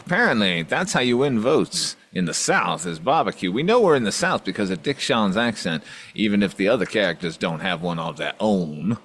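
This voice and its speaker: A man's voice: fairly low pitch, very animated, a little fast, fairly bright tone. A man co-hosting a podcast, giving wry commentary on a TV episode in casual chat. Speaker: podcast co-host.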